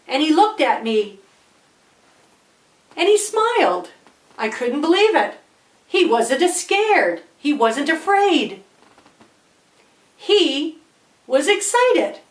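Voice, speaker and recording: High-voiced woman telling a story. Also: takes it slowly, pauses often, reverberant. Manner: animated, dramatic, gasping with wonder. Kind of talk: storybook narration.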